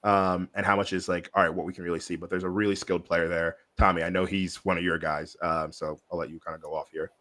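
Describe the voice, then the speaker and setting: Low-voiced rambling podcast man. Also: level tone, fast talker, few pauses, a bit bright. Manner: rambling, heavy on fillers. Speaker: podcast co-host. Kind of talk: casual sports podcast chat.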